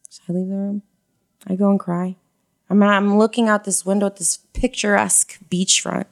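A woman frankly telling a personal story in casual conversation, animated and full of slang. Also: medium pitch, normal speed, creaky.

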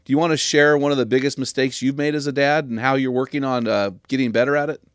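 A man's voice: medium pitch, steady tone, fast talker, no echo, clean studio sound. Earnest, emphatic male podcast host. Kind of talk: casual podcast conversation.

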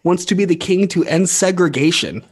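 A man's voice: high-pitched, moderate pace, breathy edge. A man co-hosting a comedy podcast, ranting casually and swearing a lot. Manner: profane, ranting. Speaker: podcast co-host.

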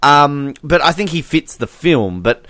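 A man talks in an animated, playful podcast chat. His pitch swings widely as he speaks. The room sound is dry and close. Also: unhurried, no echo. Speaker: podcast co-host. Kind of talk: casual chat ranking film villains.

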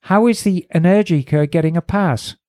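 A woman's voice: lowish voice, moderate pace, mellow, no echo. A woman co-hosting a casual motorcycle podcast, reading a listener's email aloud with dry asides. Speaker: podcast co-host. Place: garage studio.

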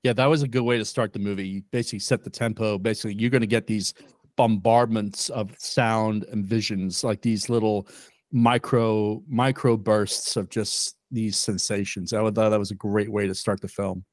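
A man's voice: lowish voice, steady tone, normal speed, no room sound, studio quality. A man co-hosting a casual movie review podcast. He talks in an easygoing way and readily agrees with his co-host.

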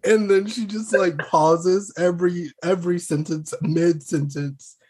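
A podcast co-host in a casual reality-TV gossip chat, animated, laughing often and swearing freely. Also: mid-range voice, unhurried, slight background noise.

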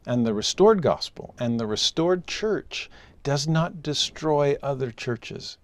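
A man giving a scripture lesson, emphatic, moving between soft asides and raised exclamations. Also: medium pitch, lively intonation, slow pace, no room sound. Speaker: scripture teacher.

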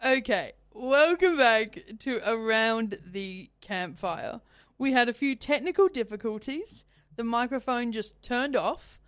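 A woman's voice: a little high, clear, resonant tone, no echo, studio quality. A woman hosting a radio talk show, chatting casually and rambling a little as she talks. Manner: chatty, rambling, self-interrupting. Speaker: radio host. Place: radio studio.

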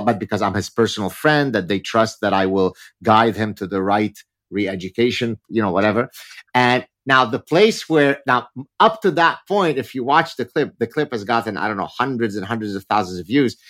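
A man's voice: lowish voice, normal speed, a bit bright. A man speaking as a guest professor in a casual interview, telling stories with a wry, joking manner.

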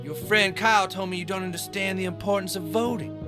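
A man's voice: high-pitched, a little fast, natural voice. A man voicing a menacing cartoon rapper who rap-sings profane threats to make people vote. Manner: profane, threatening, sing-song. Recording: clip with loud hip hop music behind.

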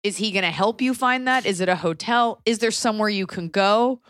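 A young woman co-hosting a podcast and giving casual, blunt advice, often swearing and stacking up quick questions. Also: medium pitch, a bit bright, clear, resonant tone, no echo, studio quality. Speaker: podcast co-host, comedian.

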